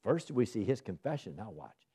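Man, Bible study sermon, mellow voice, lively pitch swings, questions answered by himself. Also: normal speed, husky. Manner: lively, asks questions and answers them, rising to emphatic bursts. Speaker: Bible teacher.

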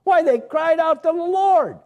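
A man voicing a churchgoer who protests to the pastor in a high, insistent voice. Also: expressive, unhurried, a little mellow. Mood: protesting. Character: objecting churchgoer talking back.

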